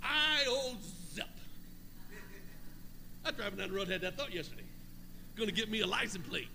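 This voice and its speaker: A man preaching a Pentecostal-style sermon, reading scripture, shouting out and calling for responses from his congregation. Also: high-pitched, very fast, creaky. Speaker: pastor. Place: church sanctuary. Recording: long hall reverb, faint noise.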